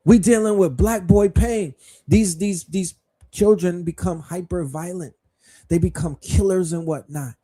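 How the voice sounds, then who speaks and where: This livestream host is a middle-aged man whose high voice is mellow, slightly rough and a little slow. He poses rhetorical questions throughout his commentary and swears bluntly.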